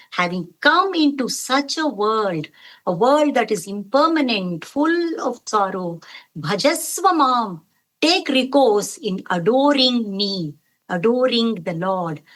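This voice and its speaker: A woman's voice: a little high, a bit bright, rough recording. Earnest woman giving a spiritual talk. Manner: earnest and didactic, breaking down scriptural terms. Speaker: guest speaker at a devotional gathering.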